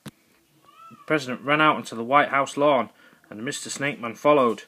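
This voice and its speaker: Bright-voiced man telling a goofy story. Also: mid-range voice, moderate pace, pauses often. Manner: goofy, rambling, self-correcting. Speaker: narrator. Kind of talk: improvised comic storytelling.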